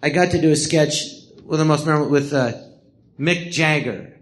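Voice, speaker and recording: A man's voice: on the high side, a little fast. An older man hosting a live podcast, telling rambling memoir anecdotes with restarts and acted-out quotes. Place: podcast theatre before a live audience.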